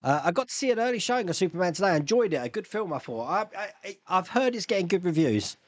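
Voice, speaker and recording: A man hosting a casual live stream, chatting loosely and answering viewers' questions with rambling asides and quick laughs. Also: sits high, big pitch swings, no echo. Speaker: YouTube live stream host.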